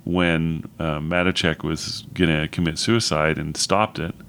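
A man's voice: a bass voice, steady tone, measured pace, vocal fry, a bit bright, a little hiss or hum. A man co-hosting a podcast, talking casually and agreeably about an old film, with plenty of fillers. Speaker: podcast co-host.

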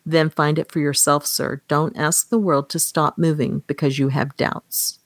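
A calm, wise bartender robot, voiced by a woman reading aloud delivers its lines in a measured, matter-of-fact way. The voice sits fairly low and the sound is dry and close. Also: dry recording.

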